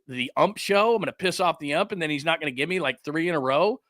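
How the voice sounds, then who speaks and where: A male sports show host delivers a heated, sarcastic rant, tossing in mocking quotes. His voice sits fairly high and sounds sharp and forceful. The sound is dry and close, with no room around it. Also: fast talker, no echo. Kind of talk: ranting sports talk show.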